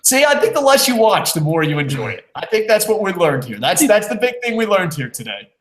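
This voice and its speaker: A man co-hosting a casual wrestling review podcast, reading viewer comments aloud in a loose, profane, rambling way with quick jokes. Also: high-pitched, big pitch swings. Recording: roomy echo.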